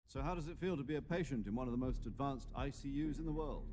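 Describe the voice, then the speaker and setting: An actor playing a veteran male military commander, calmly briefing and leading in a video game cutscene. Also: mid-range voice, quick pace, heavy background noise, lightly acted. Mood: grave. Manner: calm, authoritative briefing. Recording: game audio over loud music.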